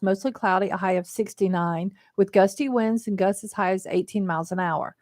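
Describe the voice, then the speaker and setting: A woman co-hosting a local radio show, reading the weather and chatting casually, with lots of quick agreeing interjections. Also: mid-range voice, steady tone, a little mellow, no echo, studio quality. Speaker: radio co-host doing the weather. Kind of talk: weather report and casual banter. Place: radio studio.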